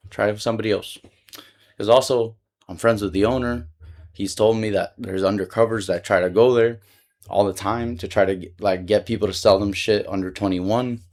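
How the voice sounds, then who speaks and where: A man's voice: lowish voice, a little mellow. A young man telling a personal story in a casual vlog, rambling and slangy, filling his talk with "like" and swearing freely.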